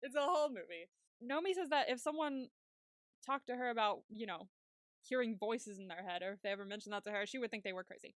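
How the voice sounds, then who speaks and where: A woman co-hosts a podcast recap in loose, chatty talk. Her voice sits a little high, and the sound is close and dry with no room around it. She acts out quoted lines from the episode as she goes. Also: fast, no room sound. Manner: animated retelling with quoted character voices and frequent laughs. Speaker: podcast co-host. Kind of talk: casual TV recap chat.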